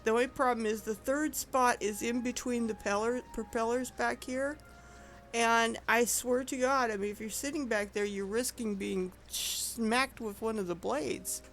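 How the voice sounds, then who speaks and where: A woman's voice: fairly high pitch, fairly even intonation, measured pace, a little hiss or hum. A woman streaming an online game, chatting casually and rambling with frequent self-corrections. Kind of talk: casual gameplay commentary.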